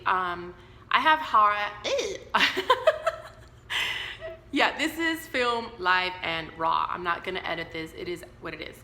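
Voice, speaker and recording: A woman's voice: mid-range voice, pushed and bright, echoey room. A woman around thirty talking frankly to her viewers in an unscripted personal vlog, with plenty of fillers and asides. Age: 30s. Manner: candid, talks straight to viewers with many fillers. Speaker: vlogger.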